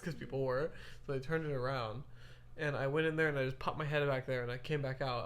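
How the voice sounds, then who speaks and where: A young woman co-hosting a podcast, telling stories in a casual, animated way, laughing often and acting out what people said. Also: deep voice. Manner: animated, giggly, acts out quoted voices. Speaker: podcast co-host. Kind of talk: casual storytelling chat.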